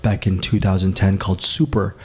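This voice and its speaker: Male podcast host, low-ish voice, chatty and digressive, full of trivia asides. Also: fairly even intonation, brisk, darkish tone, slightly rough. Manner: rambling, trivia-heavy, self-correcting. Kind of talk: casual podcast chat.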